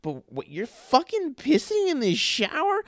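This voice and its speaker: A man putting on the voice of his startled girlfriend, shrill and incredulous, in a comic story. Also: huge pitch swings, a little slow, a bit bright, dry recording, clean studio sound, full character voice. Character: startled woman partner, sharp and disbelieving.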